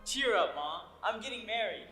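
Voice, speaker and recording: A teenage boy playing a nervous young groom in a high school stage play. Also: animated, moderate pace, bright, forceful tone, faint music behind. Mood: cheerful. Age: teens. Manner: anxious, earnest. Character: nervous young groom on his wedding day. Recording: echoey auditorium stage.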